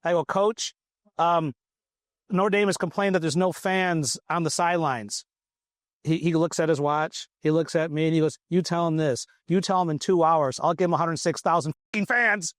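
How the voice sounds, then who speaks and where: A man's voice: a little high, normal speed, no room sound, clean studio sound. A man, a former football student manager, telling stories in a casual interview and acting out the people he quotes. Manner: animated storyteller acting out quoted voices. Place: outdoors at a golf event.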